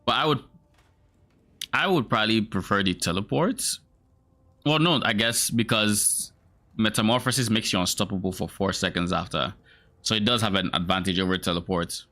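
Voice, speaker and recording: A man's voice: lowish voice, moderate pace, bright, forceful tone. A man chatting casually about a game, thinking aloud and weighing his options. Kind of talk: casual chat.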